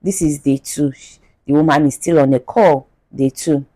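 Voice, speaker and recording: A woman's voice: sits low, fairly even intonation, warm tone. A woman from Nigeria with a Nigerian accent, hosting a podcast and speaking with emphatic indignation while reading a post aloud. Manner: indignant, emphatic, drawn-out repetition. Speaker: podcast host.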